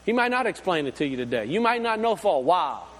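Man, pastor, folksy sermon, rhetorical questions, fairly high voice. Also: sing-song, fast, in a large hall.

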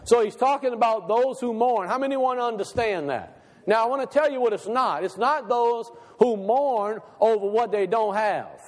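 A man with a notably high voice preaches a Sunday sermon, asking the congregation question after question and repeating his points for emphasis. A long reverb from a large hall trails each phrase. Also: moderate pace. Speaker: pastor. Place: church sanctuary.

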